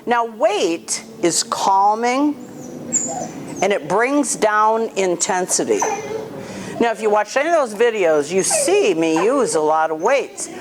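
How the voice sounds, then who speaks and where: A woman's voice: mid-range voice, sing-song, takes it slowly, background noise. A woman dog trainer coaching an owner in a hands-on session, blunt and firm, snapping commands at the dog.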